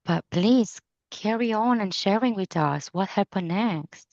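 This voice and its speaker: A woman podcast host who interviews her guest with soft, sympathetic responses. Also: mid-range voice, animated, measured pace, no echo, lo-fi sound.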